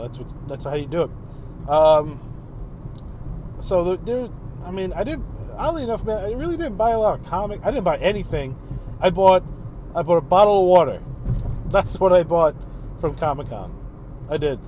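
A man's voice: a little high, noisy background. A man in his thirties hosting a casual solo podcast while driving home, rambling in a laid-back way and swearing freely. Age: 30s. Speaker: podcast host.

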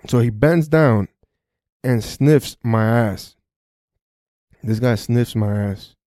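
A young man tells a story on his podcast in loose street slang, full of swearing and false starts. His voice is warm and mellow, and the close mic sounds dry with no room echo. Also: medium pitch, slow. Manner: profane, street slang, frequent restarts. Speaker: podcast host. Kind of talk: casual first-person storytelling.

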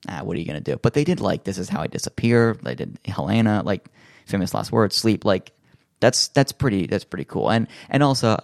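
Rambling, chatty man with a lower voice. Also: animated, brisk, creaky, dry recording, clean studio sound. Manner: rambling storyteller, heavy on fillers and restarts; acts out quoted voices in his stories. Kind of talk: casual chat.

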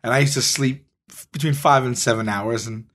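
A man co-hosting a podcast, telling a long story in a casual, animated way and acting out the dialogue. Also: mid-range voice, brisk. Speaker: podcast co-host.

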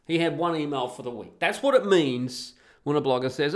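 A man's voice: fairly high pitch, normal speed, hardly any pauses. A man hosting a solo podcast, talking in a blunt, sweary, sarcastic way. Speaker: podcast host.

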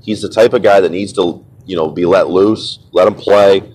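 A man's voice: sits low, normal speed, a little mellow, slightly rough, dry recording, poor audio. A man hosting a casual sports talk show, opinionated and chatty, often stumbling and repeating words and laughing as he teases.

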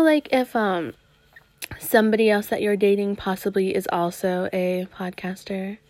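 Young woman podcaster, brash and profane, lively casual rant, higher voice, dead dry close mic. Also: dry recording. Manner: profane, animated, heavy swearing.

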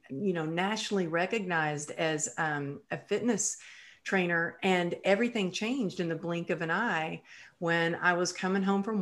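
A woman's voice: lowish voice, fairly bright tone. A woman guest on a podcast, candidly retelling a personal story in vivid detail, with frequent "you know" and "um".

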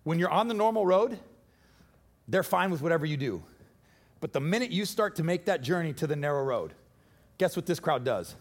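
A man preaching a sermon in a church, casual and joking, with animated bursts of energy. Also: on the high side, normal speed, pauses often. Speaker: pastor.

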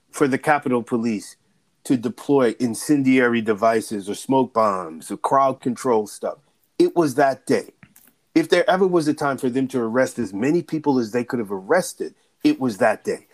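A man's voice: mid-range voice, lively intonation, normal speed. A male legal and political analyst in a frank talk-show discussion. He argues emphatically, stacking rhetorical questions one after another and checking in with the listener. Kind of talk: candid discussion.

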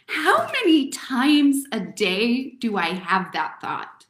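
A woman with a fairly high voice gives an encouraging motivational talk, speaking warmly to her listeners as friends. Her voice rings with the echo of a live room. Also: big pitch swings, slow, few pauses. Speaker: host. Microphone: recorded to camera.

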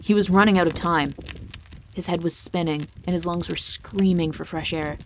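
Woman narrating a fantasy story, low voice. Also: steady tone, normal speed, a little hiss or hum.

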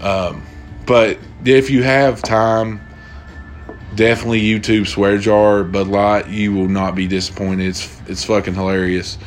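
A young man speaks unhurriedly with a fairly low pitch and little pitch movement, soft background music underneath. He's the host of a casual solo podcast, rambling and swearing freely as he loosely retells stories.

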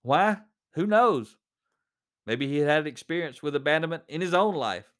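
A man's voice: a little high, lively intonation, moderate pace, fairly bright tone. Conversational man reading a story aloud. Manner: conversational, with fillers. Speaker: reader and commentator.

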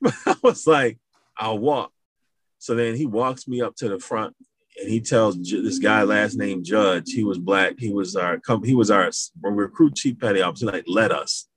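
A middle-aged man from Madison, Wisconsin, talking casually as an interview guest, animated storytelling. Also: on the low side, normal speed, a crowd in the background. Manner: animated, acts out voices in his stories, laughs. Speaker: guest, school founder.

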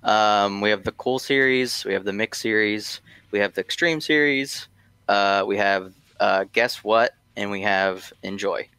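A man's voice: on the low side, unhurried, pushed and bright, clean tone, no room sound. A man guesting on a podcast, talking casually and hesitantly with many ums and restarts. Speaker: guest from a tobacco brand.

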